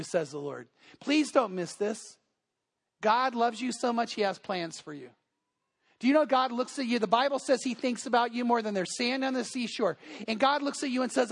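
A man with a high voice preaches a sermon in a casual way and tells a story. He acts out the people in it and often repeats his words. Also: fairly quick. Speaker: pastor. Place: church service.

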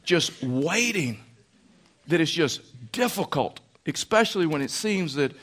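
A pastor preaching a sermon in a folksy, storytelling way. His man's voice sits a little high. He drives his points home by repeating phrases. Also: expressive, measured pace, a bit bright.

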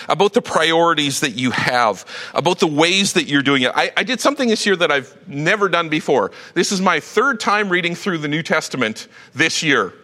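A middle-aged man preaching a sermon with a bright, higher-than-usual voice. His pitch swoops widely as he talks through his points conversationally, restarting sentences as he goes. The sound carries a long reverb, as if from a large hall. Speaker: pastor.

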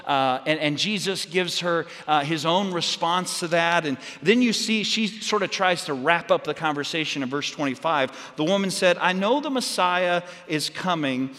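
Male pastor, slightly high voice, halting storytelling sermon, long hall reverb. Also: bright, forceful tone. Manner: storytelling, many restarts and fillers.

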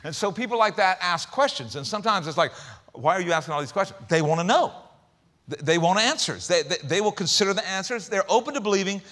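A man preaching a sermon in a conversational, humorous way, with quick asides and repeated words. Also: sits high, lively intonation, fairly bright tone, big-room sound. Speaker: pastor.

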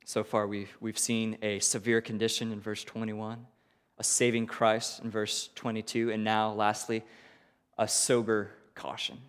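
A man preaching a sermon as pastor, animated and questioning, with quick rhetorical asides. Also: fairly low pitch, clear, resonant tone, long reverb tail.

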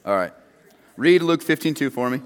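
A man's voice: mid-range voice, animated, moderate pace, clean tone, in a large hall. A man preaching a sermon in a casual, conversational way, joking with his listeners.

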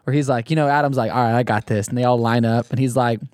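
A man chats casually on a faith podcast, quick to joke and imitate characters. His voice sits mid-range and the sound is close and dry. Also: mid-range voice, fairly even intonation, darkish tone, no echo. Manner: joking, playful, mimics characters. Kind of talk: casual chat.

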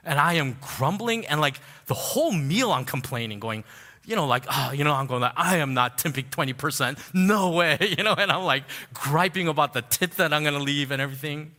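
A man preaching a sermon, telling a personal story in an animated way, laughing at himself and dropping soft and low when he turns to prayer. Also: brisk. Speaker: pastor. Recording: long hall reverb.

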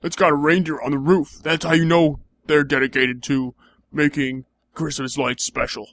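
A man's voice: on the high side, little pitch movement, normal speed, a bit bright, dry recording. A young man in improvised comedy banter, teasing and playfully mocking.

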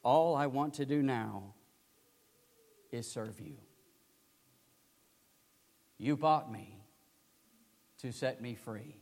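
Tearful young girl as a male preacher puts her on, pleading repeated cries, slow, in a reverberant hall. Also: mid-range voice, darkish tone, pitched below the performer's own voice. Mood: devoted.

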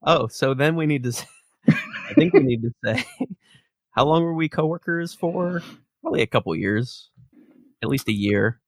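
A man co-hosting a podcast in relaxed casual chat, chuckling often. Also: a little high, moderate pace, pauses often, no room sound, clean studio sound. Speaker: podcast co-host.

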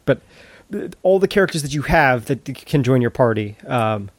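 A man's voice: medium pitch, expressive, no room sound. Man chatting casually, dry close sound. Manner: enthusiastic, halting with many restarts. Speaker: podcast co-host. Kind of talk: casual chat.

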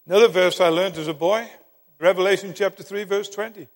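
A man preaching a sermon, telling stories with dramatic emphasis and long pauses. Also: high-pitched. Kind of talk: sermon with storytelling. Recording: long hall reverb.

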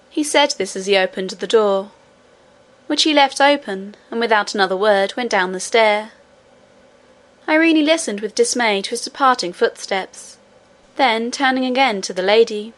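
A woman reading a children's story aloud in a measured, storytelling manner. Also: a little high. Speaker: reader. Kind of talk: audiobook narration.

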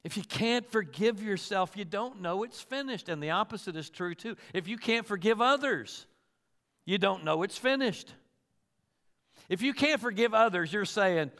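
Preacher guy, high bright voice, asks the crowd loads of questions, acts out quotes. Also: animated, normal speed, in a large hall. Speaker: pastor. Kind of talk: sermon.

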